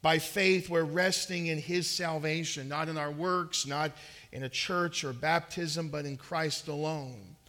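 A male pastor delivers a sermon in a high, ringing voice. He speaks with earnest emphasis, leaning into key phrases and often repeating words as he builds each point. The tone is bright and forward throughout. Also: steady tone, measured pace.

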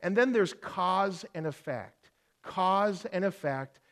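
A man preaching as a pastor, teaching earnestly with rhetorical questions and slow, emphatic repeated phrases. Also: high voice, animated, a bit bright. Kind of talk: sermon.

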